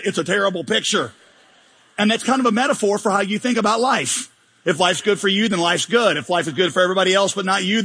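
Pastor guy preaching, high husky voice, jokey and animated, big hall echo. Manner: animated, joking, acts out mock prayers. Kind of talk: sermon. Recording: long hall reverb.

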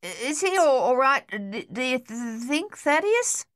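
A young male soldier who stammers and trips over his words, as a woman narrator puts him on. The voice sits high and lifts loud on each push. Recorded dry and close for an audiobook. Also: big pitch swings, measured pace, dry recording, exaggerated voice. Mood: worried. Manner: stutters.

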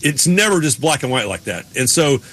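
A man's voice: mid-range voice, very animated, brisk, fairly bright tone. A man from the United States hosting a casual conversation, talking enthusiastically in rambling sentences with many restarts.

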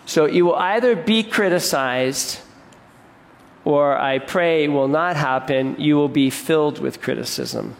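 Male pastor, slightly high voice, earnest sermon delivery with restarts, long hall reverb. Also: unhurried, vocal fry. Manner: earnest, repeats and restarts words, asks the congregation questions.

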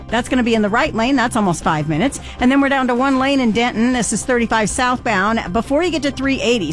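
A woman giving a brisk, matter-of-fact radio traffic report. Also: medium pitch.

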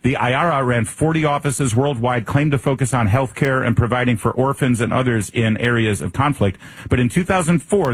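A man's voice: medium pitch, husky, no room sound. A male radio talk show host delivering a sarcastic, combative political monologue.

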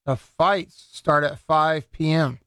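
A man's voice: fairly high pitch, fairly even intonation, slow, bright, forceful tone, smooth, no room sound. A man, a boxing event organizer chatting loosely in a radio studio interview, full of restarts and fillers. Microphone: studio microphone.

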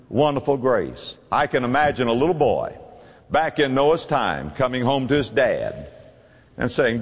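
A man preaching a sermon with impassioned, pleading delivery that swings from loud to hushed. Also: mid-range voice, husky, big-room sound.

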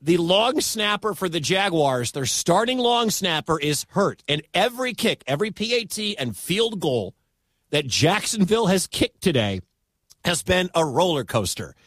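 A man calls a football game live on radio, his high voice rising into shouts when the play gets big. The sound is dry and close, with no room around it. He rushes through the action with plain excitement. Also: no room sound. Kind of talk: live radio sports commentary.

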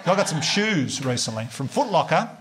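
An Australian man performing a stand-up comedy set, telling stories in a laid-back, sweary, deadpan way. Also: fairly high pitch, moderate pace. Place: live comedy venue with audience laughter.

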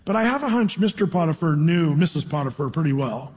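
A male preacher with a husky, fairly high voice. He reads scripture with slow, dramatic weight, then slips into a loose, chatty retelling. A long reverb trails his words through a large hall. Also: expressive, darkish tone. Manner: informal storytelling with dramatic slow reading. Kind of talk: sermon, reading scripture then retelling the story.

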